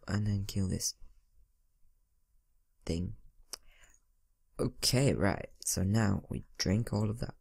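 A man's voice: lowish voice, steady tone, unhurried, gravelly, long pauses, darkish tone, husky. A teenage boy giving rambling, casual commentary over a video game, talking to himself and mumbling asides. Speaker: gaming channel host. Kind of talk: casual let's-play commentary.

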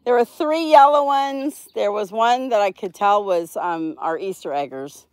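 A woman's voice: mid-range voice, unhurried, dry recording. A woman from Florida hosting a casual live stream, chatting and laughing as she reads out viewers' messages. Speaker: livestream host. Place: home in Florida.

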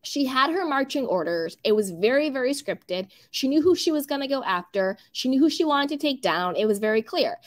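Livestream host, woman, high voice, chatty and opinionated gossip talk. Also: lively intonation, brisk, hardly any pauses. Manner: chatty and opinionated, laughs often. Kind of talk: casual gossip livestream, reading chat comments.

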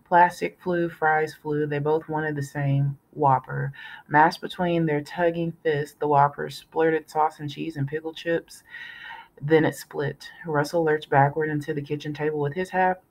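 A woman reading a novel aloud in a steady storytelling manner, now and then correcting herself. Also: deep voice, a little slow, rough recording. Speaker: audiobook reader.

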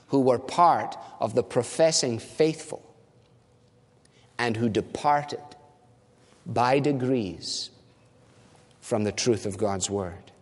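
A man's voice: medium pitch, takes it slowly, long pauses, long reverb tail. A man preaching a sermon as a pastor, earnest and direct, asking and answering rhetorical questions.

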